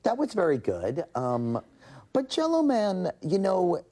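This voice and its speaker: A man's voice: high-pitched, wildly swooping pitch, unhurried, warm tone, pitched above the performer's own voice, full character voice. A man voicing a fussy female casting director who speaks in an overly nice, coaxing way.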